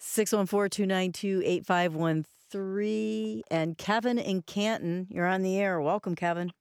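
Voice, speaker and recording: Woman radio host, brisk call-taking, crisp voice, dry studio mic. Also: mid-range voice, a little mellow, dry recording. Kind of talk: hosting a call-in radio show. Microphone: studio microphone.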